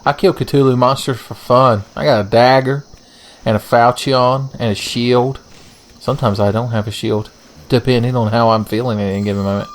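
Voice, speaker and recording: A man's voice: medium pitch, fairly even intonation, moderate pace. A young man giving casual, profane, joking let's-play commentary as he plays a game. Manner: profane, joking, rambling asides. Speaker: gaming channel host.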